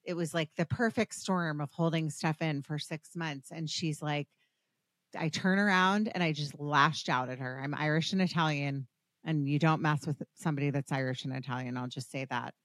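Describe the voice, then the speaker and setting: A woman's voice: low-pitched, fairly even intonation, moderate pace, a bit bright, dry recording, clean studio sound. A woman hosting a podcast interview, talking in an earnest, gushing, rambling way with many restarts. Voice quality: earnest, gushing, gets emotional. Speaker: podcast host. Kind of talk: casual interview chat.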